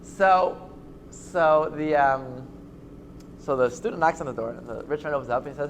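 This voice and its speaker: A man, a rabbi, teaching an informal Torah class, talking in a halting way with many fillers and restarts and joking along the way. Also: fairly high pitch, slight background noise.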